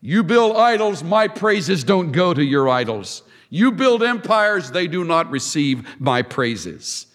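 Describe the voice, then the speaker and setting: A man preaching a sermon with emphatic delivery, dramatic pauses and heavy repetition. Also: fairly high pitch, very animated, fairly bright tone. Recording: long hall reverb.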